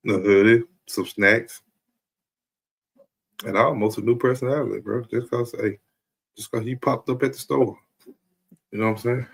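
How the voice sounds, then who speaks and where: A man's voice: medium pitch, steady tone, moderate pace, vocal fry, long pauses, husky. A man talking in a loose, rambling comedic monologue as a stream host, often checking in with "you know what I'm saying". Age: adult.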